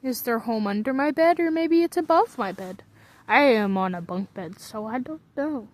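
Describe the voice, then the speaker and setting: A woman with a slightly high voice muses aloud in a loose, rambling way, as if talking to herself. She chats casually from her bunk bed in a bedroom. Her thoughts wander from one to the next. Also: expressive, normal speed, darkish tone. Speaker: vlogger.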